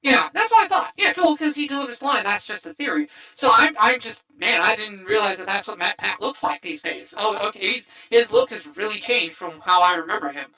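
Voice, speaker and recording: A woman hosting a casual livestream movie chat, excitable and rambling with many restarts. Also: mid-range voice, fairly quick, few pauses, poor audio. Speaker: streamer host.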